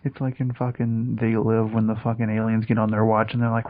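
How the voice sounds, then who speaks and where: A man's voice: on the low side, monotone, a little fast. A man co-hosting a comedy podcast, firing off crude, profane quips. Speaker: podcast co-host. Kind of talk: casual comedic chat. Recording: lo-fi podcast audio.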